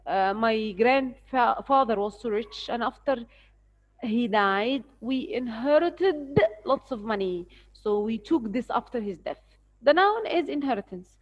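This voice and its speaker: A woman's voice: a little high, expressive, measured pace. An Egyptian-accented woman teaching English vocabulary, explaining words patiently and spelling them out letter by letter. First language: Arabic. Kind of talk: recorded spelling lesson. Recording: dull lo-fi recording.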